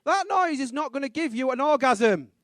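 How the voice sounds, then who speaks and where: A man, doing a quick, punchy stand-up set on a comedy club stage. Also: extremely high pitch, animated, dry recording. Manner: quick punchy delivery with sudden loud punchlines and voices.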